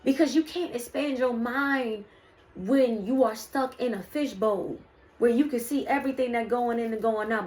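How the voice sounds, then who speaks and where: Chatty high-voiced woman giving a card reading. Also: gravelly, darkish tone. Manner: preachy, chatty, calls viewers "y'all" and "baby". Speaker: spiritual reader. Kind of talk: casual card reading to viewers.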